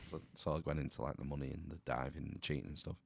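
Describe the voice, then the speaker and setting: Low-voiced man, casual storytelling. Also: fairly even intonation, rapid-fire, gravelly, noisy background. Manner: laid-back storyteller, swears casually. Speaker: podcast co-host. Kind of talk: casual banter.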